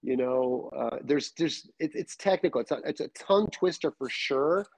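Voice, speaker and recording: Serbian-accented guest, middle-aged man, chatty storyteller, slightly high, dry. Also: moderate pace, dry recording. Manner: animated, loose storytelling with many fillers. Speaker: podcast guest. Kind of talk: casual chat.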